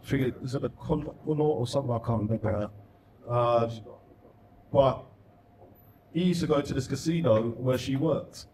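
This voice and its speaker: A middle-aged man spins slangy anecdotes with an easy, laughing energy. His voice sits at an ordinary pitch and lands some way off the mic. The room around him rings noticeably. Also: normal speed, long pauses, a little hiss or hum. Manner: animated, slangy, laughs while telling anecdotes. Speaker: guest, former footballer. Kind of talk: casual storytelling. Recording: roomy sound, distant mic.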